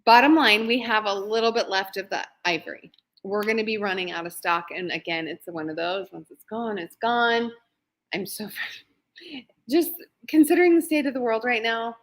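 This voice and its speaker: A woman's voice: mid-range voice, a bit bright. A woman who owns a small shop, presenting new products on a live shopping stream in a bubbly, gushing, chatty way.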